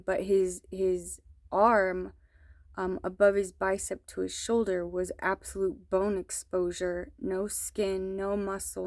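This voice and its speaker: A mother slowly and earnestly recounting a troubling dream, with hesitant pauses. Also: mid-range voice, a little mellow, no room sound, clean studio sound. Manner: slow, earnest, hesitant storytelling. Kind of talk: personal testimony.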